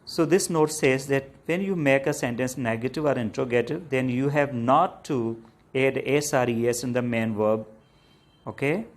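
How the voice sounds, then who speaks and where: A man's voice: mid-range voice, moderate pace. A man with a South Asian English accent teaching a grammar lesson, patiently explaining with many fillers and "okay?" checks.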